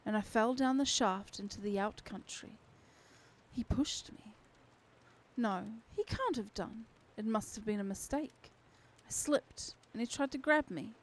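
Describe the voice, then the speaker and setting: A shaken teenage boy, voiced by a woman reading aloud, earnest and bewildered. He talks slowly, pleading and close to tears, in a slightly high voice. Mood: disbelieving. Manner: pleading, tearful denial. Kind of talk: storybook reading.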